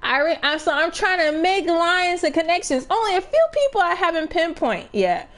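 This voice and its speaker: A young adult woman telling a story with animated, profane energy and lots of restarts while she plays a game. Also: very high-pitched, normal speed. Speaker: gaming streamer. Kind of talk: casual storytelling while playing.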